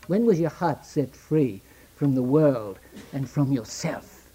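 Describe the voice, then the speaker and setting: A man preaching a sermon, swinging between loud declamation and hushed near-whisper, quoting scripture in old-fashioned wording. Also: mid-range voice, lively intonation, slow pace, breathy edge, highs cut off.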